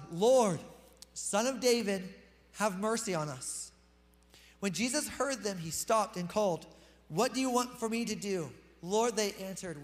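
High-voiced pastor preaching in a reverberant hall. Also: male voice. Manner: animated, swings between loud emphasis and quick asides. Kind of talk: sermon.

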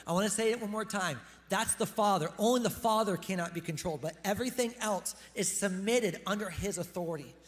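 A male pastor giving a sermon in a chatty, casual way, talking straight to his congregation in a church hall. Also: high voice.

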